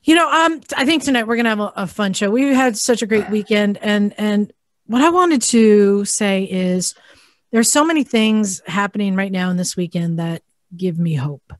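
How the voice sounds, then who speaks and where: A woman's voice: medium pitch, normal speed, dry recording. A woman co-hosting a casual podcast from a garage studio. She talks in an earnest, rambling way with many fillers. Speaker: podcast co-host.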